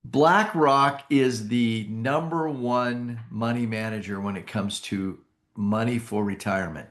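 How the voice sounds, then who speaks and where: A man giving an enthusiastic sales pitch on an opportunity call, often restarting and correcting his phrases. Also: measured pace, a bit bright. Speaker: company presenter pitching annuity sales.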